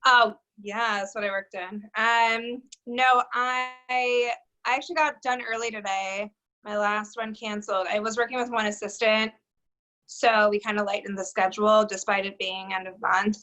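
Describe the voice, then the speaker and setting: A woman dentist chatting casually on a video call, relaxed and rambling. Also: mid-range voice, moderate pace, poor audio. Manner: relaxed, rambling, says "like" and "dude". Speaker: dentist panelist. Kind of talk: casual chat.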